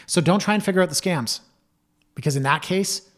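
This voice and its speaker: A man's voice: high-pitched, a little fast. A middle-aged man hosting a podcast, talking candidly and chattily to listeners, acting out quoted voices. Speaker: podcast host. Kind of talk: casual solo podcast talk.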